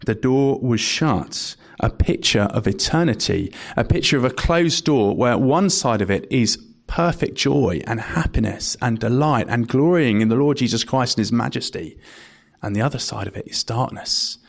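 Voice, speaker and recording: A man's voice: mid-range voice, expressive, normal speed, vocal fry. A young man preaching a sermon in a conversational, anecdotal way, with frequent fillers.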